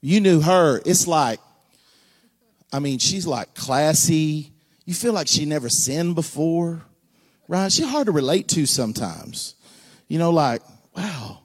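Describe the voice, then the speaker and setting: A man preaching a sermon, folksy and joking, with sudden shouts and hushed asides. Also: on the high side, sing-song, slow. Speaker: pastor.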